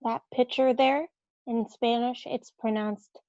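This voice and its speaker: Slow, patient woman teaching Spanish sounds. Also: a little high, fairly even intonation, a little mellow, dry recording. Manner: repeats each word slowly and clearly. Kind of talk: slow alphabet pronunciation lesson. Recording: dull lo-fi dry audio.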